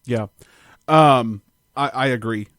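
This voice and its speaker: A man's voice: medium pitch, slow pace, a bit bright, no echo, clean studio sound. A man hosting a podcast, agreeing casually with his guest and then reading a joke aloud from his phone. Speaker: podcast host.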